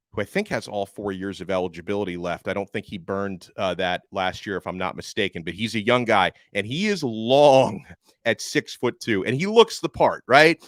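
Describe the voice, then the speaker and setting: A man's voice: medium pitch, a bit bright, no echo, studio quality. A man hosting a sports podcast, giving upbeat, conversational analysis with self-deprecating asides.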